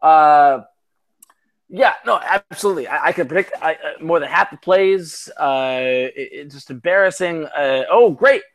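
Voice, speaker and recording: Slightly high-voiced guy, tipsy, swearing a lot, stumbling over his words. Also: unhurried. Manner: rambling, profane, stammering restarts. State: tipsy from drinking. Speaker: podcast co-host. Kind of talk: casual sports chat.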